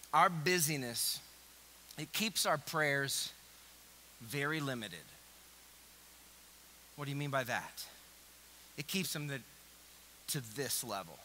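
A man preaching a sermon as pastor, dropping to a hushed near-whisper and rising to loud, urgent exhortation, in a church. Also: on the high side, a little hiss or hum, rough recording. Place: church sanctuary.

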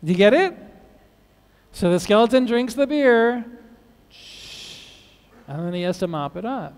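A man with a high voice stands before a conference crowd and tells jokes, stopping to ask whether listeners follow. The sound rings with the long reverb of a large hall. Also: lively intonation, unhurried, clear, resonant tone. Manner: playful, asks the audience questions. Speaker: conference speaker. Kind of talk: joke-telling talk to an audience.

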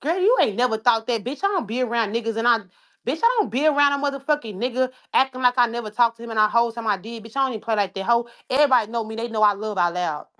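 A woman's voice: a little high, expressive, very fast, fairly bright tone. A woman rapper delivering an angry, profane, confrontational livestream rant, repeating herself as she goes.

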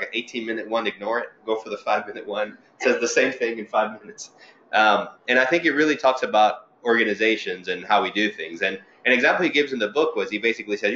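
A man's voice: mid-range voice, slight background noise. A middle-aged male physician giving an informal talk to trainees, telling stories conversationally and acting out the people he quotes. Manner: conversational storytelling with lively quoted voices. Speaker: physician speaker at a training seminar. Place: lecture room. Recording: roomy, slightly muffled lecture recording.

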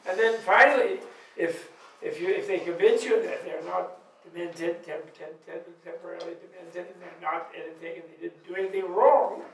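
Guy with a fairly high voice giving a loose buddhist talk, laughs a lot, echoey hall, mic far off. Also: normal speed, vocal fry, slight background noise. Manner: animated storytelling, laughs often, acts out quoted voices. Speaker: Buddhist teacher. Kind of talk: informal dharma talk at a retreat. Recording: echoey room recorded from far off.

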